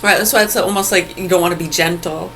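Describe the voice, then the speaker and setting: A woman's voice: lowish voice, steady tone, quick pace, bright, forceful tone, a little hiss or hum, rough recording. A woman ranting into her phone in an angry, profane and sarcastic way, mocking people with bursts of laughter. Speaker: vlogger. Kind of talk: ranting vlog monologue. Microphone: phone video recording.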